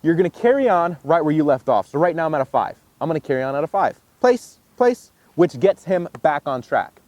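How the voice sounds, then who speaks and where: A man teaching dog training, explaining casually and jumping into a high excited voice when he demonstrates praise. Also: fast, dry recording. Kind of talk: instructional demonstration.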